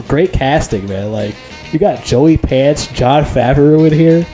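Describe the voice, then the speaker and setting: Rambling, excitable man swearing freely. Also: fairly high pitch, a little slow, faint music behind. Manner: rambling, profane, excitable, heavy use of filler words. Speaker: movie reviewer. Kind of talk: casual unscripted movie review.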